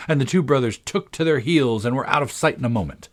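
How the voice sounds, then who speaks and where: A man's voice: medium pitch, expressive, brisk, hardly any pauses. A man narrating a children's classic aloud, reading expressively and dramatically. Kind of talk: storybook narration.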